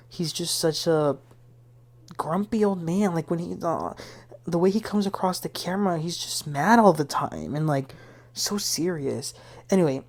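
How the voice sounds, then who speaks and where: A woman's voice: deep voice, a little mellow. A woman hosting a casual reality TV recap, talking in a blunt, opinionated, gossipy way. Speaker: TV recap host.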